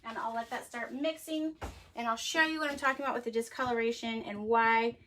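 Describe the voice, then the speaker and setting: A woman's voice: fairly high pitch, fairly even intonation, a little fast, fairly bright tone, a little hiss or hum. Chatty, rambling woman host. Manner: chatty and rambling, heavy use of "like"; laughs easily and often. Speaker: host of a handmade cosmetics show. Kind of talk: casual livestream demonstration.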